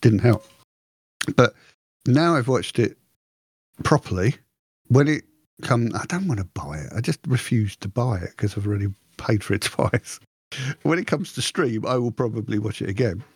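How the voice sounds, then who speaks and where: A man co-hosting a podcast, chatting in a rambling, animated way with frequent restarts. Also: medium pitch, moderate pace, long pauses, breathy edge, dry recording, clean studio sound. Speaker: podcast co-host. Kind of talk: casual chat.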